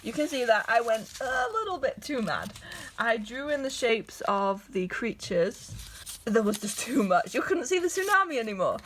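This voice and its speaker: Excitable, scattered young woman chatting. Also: fairly high pitch, moderate pace, a little hiss or hum. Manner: excitable, scattered, self-interrupting. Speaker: artist showing her sketchbook. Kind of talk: casual chatty vlog narration.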